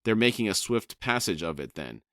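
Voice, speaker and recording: A man's voice: fairly low pitch, very animated, fairly quick, fairly bright tone, no echo. A man voicing a sardonic, suspicious male warrior with a dry drawl.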